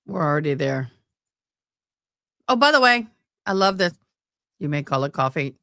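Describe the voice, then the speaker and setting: A woman's voice: low voice, very animated, measured pace, vocal fry, pushed and bright, no echo, studio quality. A woman hosting a live stream, chatting casually with viewers and joking between court proceedings. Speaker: livestream host commenting on a trial.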